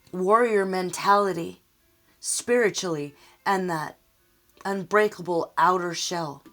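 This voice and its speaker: A woman reads tarot cards for the listener, talking to them directly in an earnest, emotional way. She takes her time, drawing her words out slowly. Soft music plays faintly behind her. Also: on the low side. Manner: slow, emotional, earnest, addressing the viewer directly. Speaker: tarot reader. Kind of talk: tarot reading to camera.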